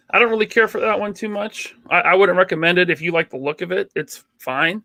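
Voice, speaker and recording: A man's voice: sits high, fairly even intonation, moderate pace, vocal fry, pushed and bright, dry recording. A man co-hosting a casual podcast, opinionated and teasing, with lots of fillers. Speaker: podcast co-host. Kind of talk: casual chat.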